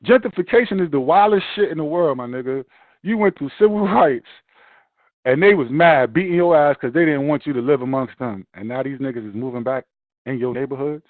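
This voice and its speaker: A man ranting profanely in casual chat, animated and forceful. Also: mid-range voice, a little fast, no echo. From Brooklyn, New York. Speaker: podcast host. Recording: dry tinny phone-like sound.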